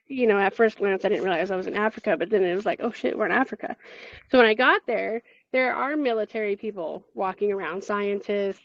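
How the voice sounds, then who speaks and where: A woman's voice: medium pitch, no echo. A woman guest telling a story in a chatty way, full of fillers, restarts and laughs, over a video call. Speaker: interview guest. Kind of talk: casual spoken storytelling. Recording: dull lo-fi, dry.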